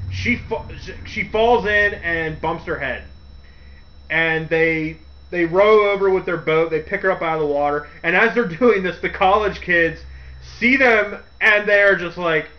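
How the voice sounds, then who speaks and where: A man hosting a radio segment, giving a casual, rambling movie review with frequent laughs and quick character impressions. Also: sits high, highs cut off. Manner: rambling, laughs often, acts out quotes in character voices.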